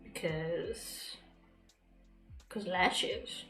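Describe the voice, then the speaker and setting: A woman's voice: mid-range voice, measured pace, fairly bright tone. A woman streamer chatting casually while she draws, rambling and tossing off sarcastic asides. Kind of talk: casual chat while drawing. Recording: roomy with faint music.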